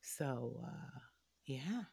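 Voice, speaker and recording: A woman's voice: rumbling low, drawn-out words, creaky, breathy edge, dry recording, clean studio sound. Emphatic woman telling a family story. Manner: emphatic and animated, with pointed asides to the listener. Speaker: board member sharing her family's story. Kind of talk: personal storytelling in a conversation.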